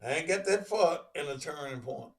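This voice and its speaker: Preacher guy, middle-aged, goes from slow and quiet to yelling cuss words, kinda high voice, sits back from the mic. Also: expressive, recorded from a distance. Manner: swings from slow quiet reflection to shouted profane outbursts. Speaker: preacher and online show host. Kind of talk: impassioned preaching monologue.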